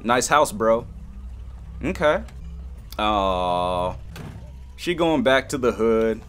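A young man doing a playful roast while reacting to a music video, with sudden squeaky high outbursts. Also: sing-song, drawn-out words, fairly bright tone, a little hiss or hum. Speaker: comedy reaction youtuber. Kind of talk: joking reaction commentary.

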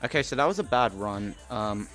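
A man streaming a speedrun, reacting out loud and criticizing his own play, swearing when things go wrong. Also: on the low side, animated, brisk, soft background music. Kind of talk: live speedrun commentary.

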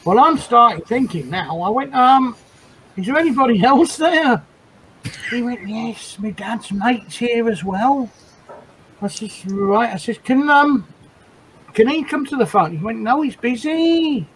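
A man's voice: very high voice, lively intonation, a little slow, fairly bright tone, a little hiss or hum, low-quality recording. A man hosting a casual livestream chat, telling jokes and stories and laughing between lines. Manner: giggly storyteller who laughs between lines. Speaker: livestream host.

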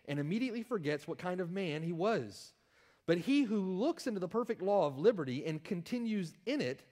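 Animated preaching man. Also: on the high side. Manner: reads scripture aloud with emphatic rises and pauses; directs listeners to verses. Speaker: pastor. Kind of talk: sermon.

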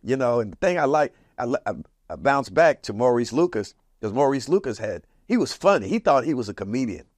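A man in his seventies, grew up in Portland, Oregon, telling stories from his community in a casual, lively way and acting out the voices of people he quotes. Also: a little fast, dry recording, clean studio sound. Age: 70s. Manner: lively, acts out quoted voices with big jumps in pitch and loudness. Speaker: interviewee recalling community history. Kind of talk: casual storytelling reminiscence.

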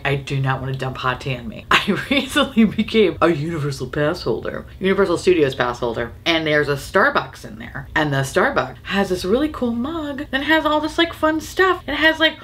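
A young woman, sick and nasal from a sinus infection, hosting a casual makeup chat, animated and profane and laughing often. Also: fairly low pitch. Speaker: makeup video host.

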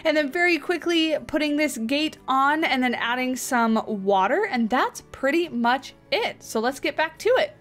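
Chatting loosely through her zoo-building game, a let's play host with a fairly high, expressive voice reacts out loud to every surprise. She speaks at normal speed with hardly any pauses, while soft music plays faintly underneath her casual commentary.

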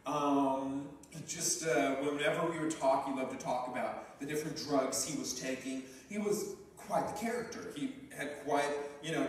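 A man's voice: mid-range voice, distant mic. A man delivers an earnest, conversational sermon and slips into the voices of the people he quotes. He stands away from the mic in a very echoey church hall. A faint room hum sits underneath. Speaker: preacher.

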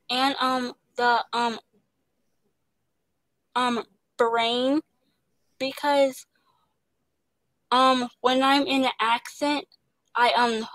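A young adult actress with a slightly high, fairly bright voice talks about acting as a guest in a casual interview. She stutters heavily, repeating words and using many fillers. The recording is dry and of poor quality.

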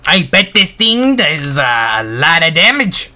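Taking his time and pausing little, a young man with a fairly high voice gives goofy, rambling Roblox tutorial commentary for his YouTube audience, breaking into excitable outbursts as he guides viewers through the game.

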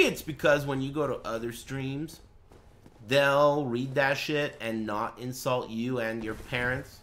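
A young man live-streaming a game, chatting to viewers and swearing as he mock-rants and bursts into yelling at them. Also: mid-range voice, unhurried. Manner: profane, mock-ranting at chat, erupts into yelling. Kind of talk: live gaming stream commentary.

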